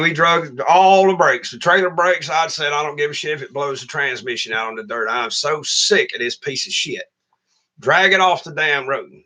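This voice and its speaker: Middle-aged trucker guy ranting on his livestream, cusses a lot, kinda high and really sharp-edged voice. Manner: blunt, profane, complaining storyteller. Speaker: truck driver and channel host. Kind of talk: casual livestream rant.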